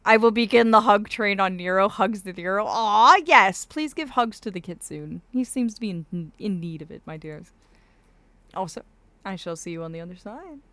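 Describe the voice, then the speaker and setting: A woman's voice: mid-range voice, expressive, moderate pace, fairly bright tone. A woman chatting casually with her livestream viewers, doting and theatrical, calling them darling.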